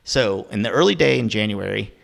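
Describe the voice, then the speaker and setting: Gravelly low-voiced man rambling casually. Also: animated, brisk. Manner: rambling, self-deprecating, many fillers. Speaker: podcast host. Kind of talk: casual chat.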